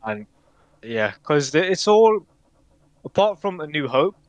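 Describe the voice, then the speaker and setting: A man's voice: on the high side, big pitch swings, a little slow, no room sound. A man co-hosting a casual podcast chat, talking hesitantly with many fillers and restarts and laughing often. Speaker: podcast co-host.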